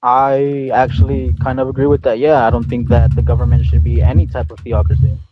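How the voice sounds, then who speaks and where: A man debating casually, speaking haltingly with many fillers and restarts. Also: medium pitch, flat delivery, phone-quality sound, over music.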